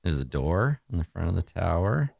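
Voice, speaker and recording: A man's voice: low-pitched, sing-song, normal speed, creaky, darkish tone, no room sound, studio quality. A man narrating as game master, chatty and rambling with frequent laughter.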